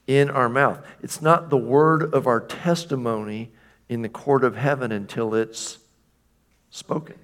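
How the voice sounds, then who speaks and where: A man delivering a sermon in an easy, talky way, his voice sitting in a middle pitch. He keeps checking in with his listeners and now and then slips into mocking voices for quoted lines. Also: measured pace, fairly bright tone. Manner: conversational, checks in with "right?"; mimics a taunting voice for quoted questions. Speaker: pastor.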